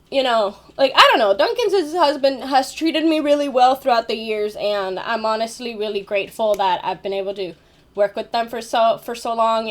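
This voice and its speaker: A young woman vlogger with a high voice tells a story loosely and ramblingly, as if chatting to a camera. She relies on fillers, restarts her sentences, and swears now and then.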